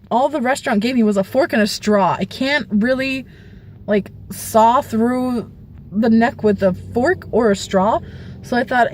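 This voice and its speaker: A young woman vlogger telling a story casually, animated, with squeals and shrieks as she retells it. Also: a little high.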